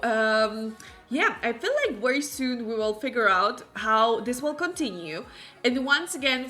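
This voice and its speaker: A woman's voice: a little high, bright, forceful tone. A woman streaming a life-simulation game, chatting in a bubbly way and thanking her viewers often. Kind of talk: live-stream commentary.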